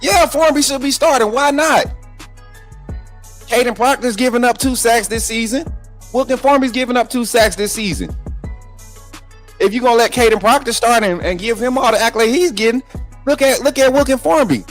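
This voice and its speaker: A man's voice: extremely high pitch, moderate pace, faint music behind. A man hosting a live sports talk stream, combative and repetitive, talking straight to his viewers and reading out their chat messages. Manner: combative, repeats himself, talks straight to viewers. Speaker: sports show host.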